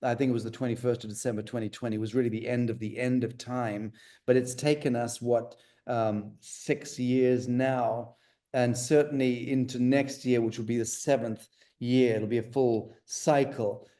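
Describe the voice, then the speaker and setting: A man's voice: medium pitch, steady tone, normal speed, mellow. A man speaking as an interview guest in a rambling, conversational way, full of fillers and restarts.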